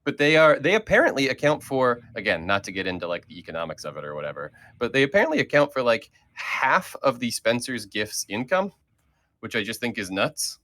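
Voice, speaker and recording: A man's voice: medium pitch, big pitch swings, brisk, pushed and bright. A man leading a casual group chat as host, talking in a rambling way with many fillers and restarts.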